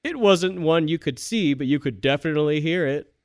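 Lively, smooth-voiced woman reading news. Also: low voice, brisk, dry recording, clean studio sound. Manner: laughing, shouting quoted lines for comic effect. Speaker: podcast co-host. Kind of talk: casual chat, reading news stories aloud.

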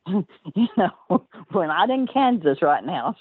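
A woman's voice: on the low side, big pitch swings, takes it slowly, long pauses, slightly rough, dry recording. An older woman telling stories as an interview guest, rambling and laughing often mid-sentence, heard over a tinny phone line.

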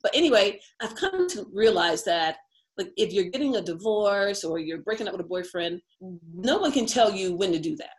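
A woman's voice: medium pitch, lively intonation, moderate pace. A middle-aged woman from the United States, an interview guest telling a personal story, chatty and laughing often.

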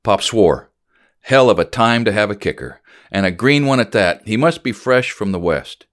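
A man reading a story aloud in a measured, storytelling voice. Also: fairly low pitch, animated, fairly bright tone. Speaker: narrator. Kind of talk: audiobook narration of a memoir-style story.

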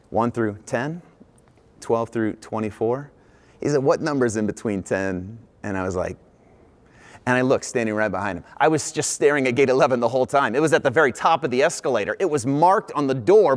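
A male pastor preaching, telling a personal story in a lively, animated way before turning to scripture. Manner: animated storyteller, rises in pitch when excited. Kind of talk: sermon storytelling.

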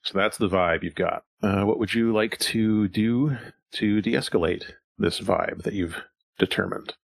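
A very low-voiced man runs a tabletop game, thinking aloud as he narrates and trailing off into fillers. His voice is dry and close, with no room around it. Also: a little slow, creaky, dry recording. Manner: rambling, chuckling, thinks aloud with many fillers. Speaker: game master.

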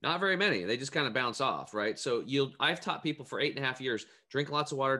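Bright-voiced man telling animated stories. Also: mid-range voice, racing, few pauses. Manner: animated storytelling, acts out quoted voices. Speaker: health coach. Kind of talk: casual chat.

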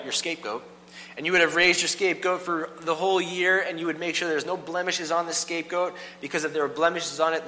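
A man's voice: medium pitch, sharp tone. A man preaching a sermon in a church, talking casually and asking the congregation questions. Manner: conversational, asks the congregation questions. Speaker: pastor. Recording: long reverb, faint hum.

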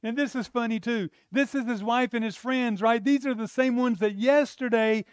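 A male preacher giving a sermon, retelling a story with animated energy that swings between quiet and loud. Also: very high voice, normal speed, few pauses, clear, resonant tone, dry recording, studio quality.

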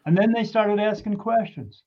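A man with a fairly high voice tells his own story in a loose, excitable way. He curses freely and trips over his words as he restarts sentences. The recording sounds dull and lo-fi. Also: moderate pace. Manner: animated, swears freely, frequent restarts and fillers. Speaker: guest telling a personal story. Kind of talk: casual spoken storytelling.

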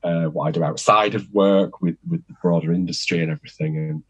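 A man's voice: low-pitched, fairly even intonation, a little fast, breathy edge, lo-fi sound. A man speaking as a podcast guest in a casual panel discussion, thoughtful, often repeating words as he searches for them. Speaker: podcast guest, internal communications professional.

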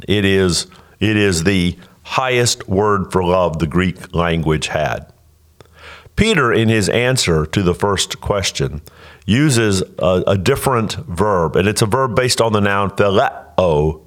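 A middle-aged man delivers an expository sermon from the pulpit. His voice sits very low, and he keeps a measured, teaching pace. He slows down deliberately whenever he quotes scripture. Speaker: pastor.

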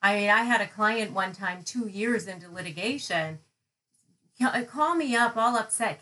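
A woman co-hosting a talk show, lively and chatty, drawing on stories from her legal clients. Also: medium pitch, moderate pace, low-quality recording. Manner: animated storyteller, acts out quotes. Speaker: co-host, family lawyer. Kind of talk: casual chat.

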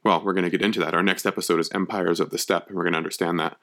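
A man's voice: low voice, flat delivery, rapid-fire, a bit bright. Man, history lecture, emphatic, conversational, checks in with listeners. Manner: emphatic, checks in with frequent "okay?".

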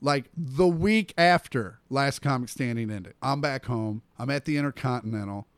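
A man's voice: medium pitch, moderate pace, clean tone, no echo. A middle-aged male comedian telling stories in casual podcast chat, acting out the voices of the people in them. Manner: animated storyteller acting out quotes.

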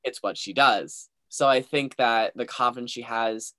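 A young man with a medium-pitched voice co-hosting a casual recap chat. He rambles and hedges, circling back and restarting his sentences as he thinks aloud. The recording is close and dry. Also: moderate pace, bright, forceful tone, no room sound. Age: young adult. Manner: rambling and hedging, restarts often. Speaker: co-host.

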